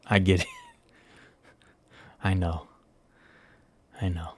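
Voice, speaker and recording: A man with a deep voice hosts a casual livestream, speaking very slowly and flatly as he rambles, jokes at himself and talks to viewers while searching for something.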